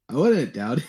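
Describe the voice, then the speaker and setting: A man co-hosting a podcast in casual chat, speaking haltingly with many fillers. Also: medium pitch, warm tone, slightly rough. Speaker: podcast co-host.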